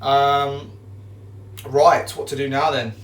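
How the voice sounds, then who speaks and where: Excitable man, roomy and distant. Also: medium pitch, takes it slowly. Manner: excitable, repeats catchphrases, talks to himself while working. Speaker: streamer baking live. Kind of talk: casual live-stream chat while baking. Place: home kitchen. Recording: roomy echo, away from the mic.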